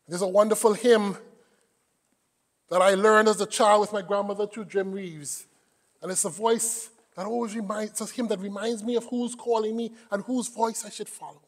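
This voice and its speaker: A man, a priest, preaching a sermon in a church, swelling from soft to loud. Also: high voice, steady tone, normal speed. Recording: long church reverb.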